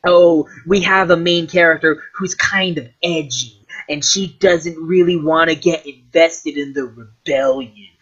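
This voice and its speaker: A man rambling casually about a film, full of fillers and swearing, animated as he goes. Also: fairly high pitch, measured pace, slightly rough, lo-fi sound. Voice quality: filler-heavy, profane, animated. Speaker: vlogger reviewing a film.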